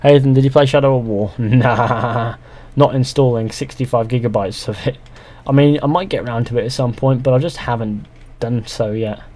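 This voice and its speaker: A man's voice: mid-range voice, fairly even intonation, moderate pace, a little mellow. Chatty young male gaming streamer. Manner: chatty, reads viewer chat aloud, dry sarcasm. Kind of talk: casual live-stream chat while playing.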